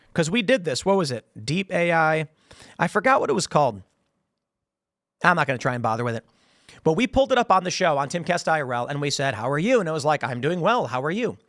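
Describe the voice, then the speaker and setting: Rich: An animated American man in his thirties comments on a clip, his high voice swinging widely in pitch. He rambles and acts out bits of dialogue. The sound is dry and close, with no room around it. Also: dry recording. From United States. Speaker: host. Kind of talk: online commentary on a news clip.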